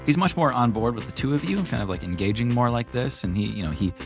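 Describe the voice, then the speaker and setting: A man's voice: medium pitch, animated, fast, creaky, faint music behind. A man narrating as game master in a tabletop game, in a casual, loose way with plenty of fillers.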